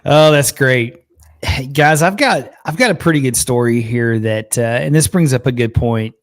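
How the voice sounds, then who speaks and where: Male host, easygoing and chatty, middle pitch, dry close recording. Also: normal speed, dry recording. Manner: laid-back, keeps saying "man". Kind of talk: casual chat on a live show.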